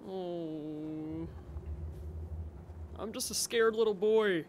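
A man commentating a horror game as he plays, talking to himself, jumpy and quick to exclaim and laugh. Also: high voice, a little mellow, slight background noise. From United States. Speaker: gameplay commentator. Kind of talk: let's play commentary.

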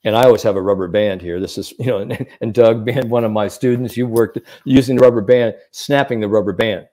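A man's voice: on the low side, a little fast. A man who is a sports psychologist, giving mental coaching advice in a podcast chat and acting out the people he quotes. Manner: animated storyteller, acts out quotes.

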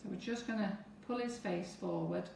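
A woman's voice: medium pitch, normal speed, vocal fry, darkish tone, far from the mic, a little hiss or hum. A woman teaching cake decorating on a live stream, chatting to viewers as she works through each step. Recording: echoey room, away from the mic.

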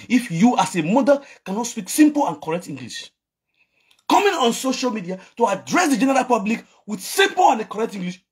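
A Nigerian man delivers a scolding vlog rant in a high, swooping voice. His tone is rough and husky, full of mockery and repeated jabs. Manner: scolding, mocking, repeats phrases, laughs between lines. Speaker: online commentator. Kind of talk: ranting vlog commentary.

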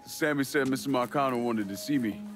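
An actor playing a calm, reserved male veteran in a video game, speaking in a low-key way. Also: fairly quick, lightly acted. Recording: game audio with music behind.

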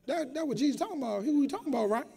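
A man preaching a sermon to a congregation in a call-and-response style, repeating phrases and building up to shouts. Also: very high-pitched, lively intonation, very fast, gravelly. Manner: repeats words, talks straight to the congregation. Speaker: pastor. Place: church.

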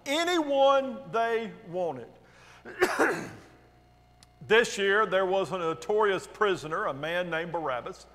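A man's voice: high voice, pushed and bright, long reverb tail. A male pastor reading a Bible passage aloud during a worship service, raising his voice for the quoted lines. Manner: reads quoted speech with raised, emphatic delivery. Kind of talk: dramatic scripture reading. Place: church sanctuary.

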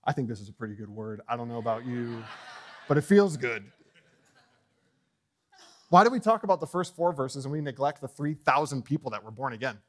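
A man preaching a sermon as pastor in a church, bold and fiery, swinging from loud proclamations to quiet asides and jokes with the congregation. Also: mid-range voice, expressive, a little fast, pauses often. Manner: joking with the congregation. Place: church sanctuary.

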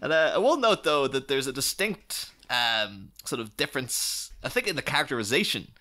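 A man's voice: mid-range voice, sing-song, moderate pace, bright, forceful tone. A man hosting a podcast, chatting casually and quoting film scenes with lots of laughter. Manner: chatty, quotes scenes in character, laughs a lot. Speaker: podcast host. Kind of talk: casual chat.

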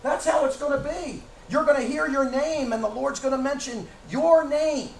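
High-voiced preacher in an echoey church. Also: male voice, moderate pace, gravelly, recorded from a distance, slight background noise. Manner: emphatic, rhetorical questions, occasional shouting. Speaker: pastor. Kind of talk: sermon. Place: church sanctuary.

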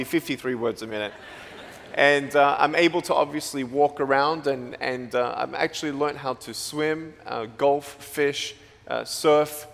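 A man's voice: on the high side, vocal fry, a little hiss or hum. A man from Australia giving a playful, joking motivational talk to students in a large school hall. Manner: playful, joking, lively storyteller. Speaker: motivational speaker.

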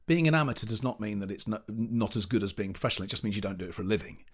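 A man, a pantomime performer chatting as an interview guest, telling animated anecdotes and restarting as he searches for words. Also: on the low side, very fast, slightly rough. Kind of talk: casual interview chat.

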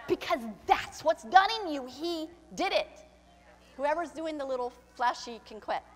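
A woman pastor preaching a sermon, swinging from soft, confiding lines to shouted ones and acting out the voices she quotes. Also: high-pitched. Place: church sanctuary. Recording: church hall with long reverb.

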